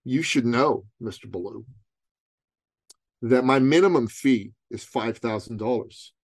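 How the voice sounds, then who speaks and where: A man quoting a blunt, unflinching male business coach in a quiet, flat delivery. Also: medium pitch, a little slow, gravelly, breathy edge, no echo. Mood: stern.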